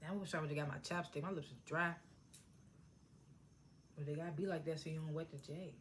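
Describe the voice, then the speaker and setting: A woman hosting a casual recap of a reality TV episode, talking in an excitable, slangy way and often restarting her sentences. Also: deep voice, a little fast, a little hiss or hum. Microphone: tablet propped on a charger.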